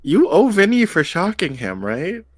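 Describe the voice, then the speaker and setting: A man's voice: high-pitched, wildly swooping pitch, measured pace, dry recording. A man running a tabletop game as game master, encouraging the players and laughing a lot.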